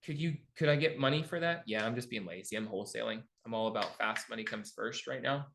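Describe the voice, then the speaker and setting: A man's voice: mid-range voice, quick pace, creaky, a bit bright, a little hiss or hum. A middle-aged man coaching a live online class on real estate investing, telling stories and acting out both sides of his phone calls. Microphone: video call.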